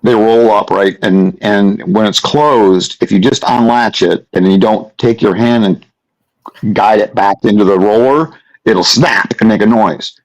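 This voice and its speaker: A man chatting on a live online panel, friendly and warmly complimentary, telling a story. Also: fairly low pitch, a little slow, low-quality recording. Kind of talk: casual live panel chat.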